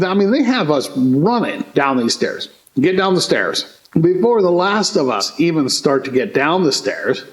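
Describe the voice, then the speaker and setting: A man from Colorado telling a story on a podcast in a casual way, acting out shouted lines and chuckling often, recorded in a large studio. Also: a little high, low-quality recording. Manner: animated, acts out quoted yelling, chuckles often.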